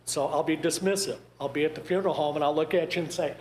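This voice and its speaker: A man's voice: a little high, fairly even intonation, quick pace. A man giving a talk to a group, conversational and wry, with joking asides. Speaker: grief presenter. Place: church meeting room. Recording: echoey room with faint noise.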